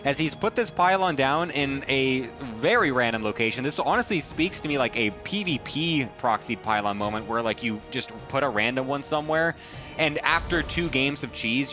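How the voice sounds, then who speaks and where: A man casting a live esports match, energetic and chatty, laughing often. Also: medium pitch, brisk, music in the background. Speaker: esports caster. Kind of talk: live game commentary.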